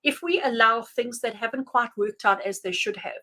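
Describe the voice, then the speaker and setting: A woman giving tarot readings on a live stream, chatty and animated, addressing viewers by name and laughing often. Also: a little high, moderate pace, low-quality recording. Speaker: tarot reader.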